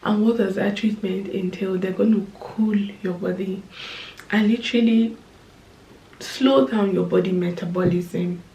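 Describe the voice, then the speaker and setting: Emotional woman telling a slow story. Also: medium pitch, steady tone, gravelly, roomy sound. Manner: emotional, slow, drops to soft whispers. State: tearful. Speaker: vlogger, new mother. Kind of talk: storytime vlog.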